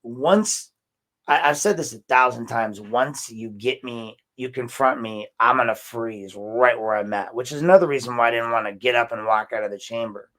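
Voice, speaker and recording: Podcast host, male, middle pitch, emphatic rambling commentary. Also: moderate pace. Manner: animated, emphatic, with rambling restarts. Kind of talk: casual commentary monologue.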